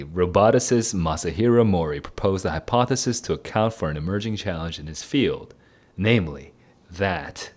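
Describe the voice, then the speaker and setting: Speaking in a fairly low register, a young man streams as a tutor, solving test questions out loud. He mutters while reading, laughs a lot and keeps saying "dude."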